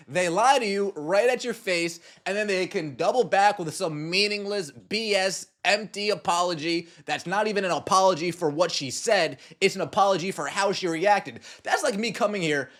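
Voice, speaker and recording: A man hosting a podcast, giving scornful, sarcastic sports commentary and mocking what others said. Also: high-pitched. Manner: sarcastic and scornful, mocking quotes in put-on voices. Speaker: podcast host.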